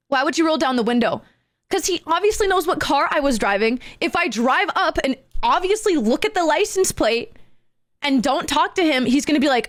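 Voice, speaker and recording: A woman streamer with a high voice that swoops up and down, telling a story to her chat in a fast, excitable way and using gamer slang. The sound is dry and close. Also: dry recording.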